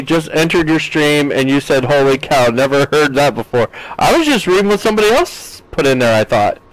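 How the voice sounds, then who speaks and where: A man's voice: on the high side, no room sound, low-quality recording. A man from the United States in his thirties, streaming a game live and chatting with his viewers, reading their messages aloud with playful jokes.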